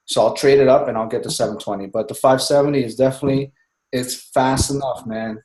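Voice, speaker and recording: Excited, rambling man on an echoey call. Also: mid-range voice, fast, slight background noise. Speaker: team member speaking on a group call. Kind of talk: casual chat on a conference call.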